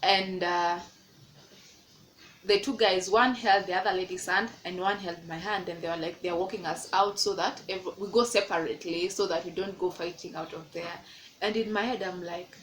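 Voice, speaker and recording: A young woman in her twenties with a Kenyan English accent tells a storytime vlog at a normal speed, performing the people in it. She's animated and voices quoted lines in a much higher pitch. The audio is poor, with slight background noise.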